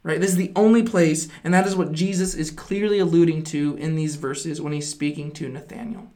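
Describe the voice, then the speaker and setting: Earnest Bible teacher, mid-pitched. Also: steady tone, fairly quick, dark tone. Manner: earnest and explanatory, often checking in with "right?"; emphatic with repeated phrases.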